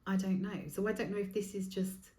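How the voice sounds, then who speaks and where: A woman's voice: mid-range voice, flat delivery, a little fast, mellow, echoey room. A woman in her forties hosting her own podcast, talking in a rambling, frank way with plenty of swearing. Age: 40s. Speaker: podcast host. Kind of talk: candid solo podcast monologue.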